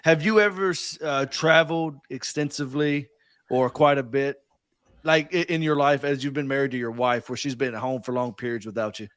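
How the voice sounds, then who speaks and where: Co-host, male, mid-pitched, dry close sound, earnest and halting. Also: fairly even intonation, fairly bright tone, no room sound. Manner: earnest, hesitant, with many restarts. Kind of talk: casual chat.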